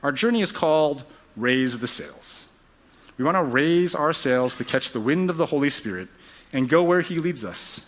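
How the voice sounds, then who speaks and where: A man preaching a sermon, telling a story earnestly and dropping to a hushed voice at tender moments. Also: a little high, animated, normal speed. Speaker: pastor.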